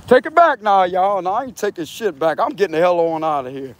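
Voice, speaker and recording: Lively in intonation and a little fast, the high-sitting voice belongs to a tarot reader on a wooded trail outdoors. He chats casually with his viewers, swearing and slinging slang, and laughs plenty in this walking vlog.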